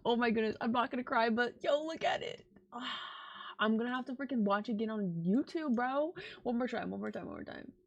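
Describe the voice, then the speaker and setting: A woman streamer chatting casually to her viewers, gushing and excitable. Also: a little high, brisk, creaky, muffled recording. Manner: gushing and excitable, talks to chat. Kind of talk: casual live-stream chat.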